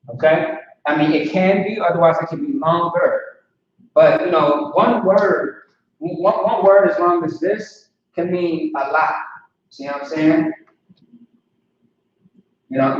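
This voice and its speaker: A man giving a casual spoken language lesson, talking loosely and often checking in with his listeners. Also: on the high side. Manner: conversational, repeats "see what I'm saying". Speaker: language teacher. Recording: echoey, distant, dull lo-fi room recording.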